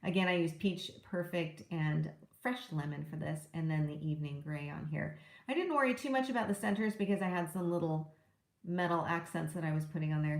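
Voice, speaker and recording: A middle-aged woman talks viewers through a live craft demonstration, chatty and easygoing, pausing now and then to find her words. Her voice sits a little low for a woman, and the room around her rings with echo. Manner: chatty, explains while working, small hesitations.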